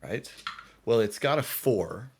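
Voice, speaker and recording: Hesitant low-voiced man running the game. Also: expressive, slow, creaky, a little hiss or hum. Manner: hesitant, corrects himself often. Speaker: dungeon master. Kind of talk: narrating a tabletop game.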